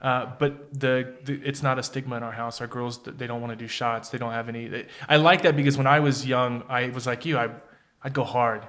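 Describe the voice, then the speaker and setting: A middle-aged man from Houston, chatting casually as a podcast host over drinks. He tells stories in a lively way and acts out his own messages as he goes. His voice sits at an ordinary pitch for a man. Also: fairly quick. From Houston, Texas. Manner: animated storyteller, acts out his own texts.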